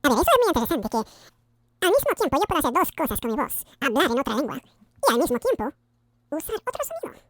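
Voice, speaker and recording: A man putting on a squeaky, giddy high falsetto, sing-song and quick, a little off-mic. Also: huge pitch swings, fairly bright tone, no echo, clean studio sound, exaggerated voice. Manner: sing-song, rapid, swooping pitch.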